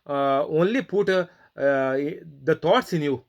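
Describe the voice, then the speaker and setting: A man preaching a sermon, reading Bible verses and leading prayer, with many pauses and fillers. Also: a little high, animated. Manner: halting, many fillers, emphatic rebukes.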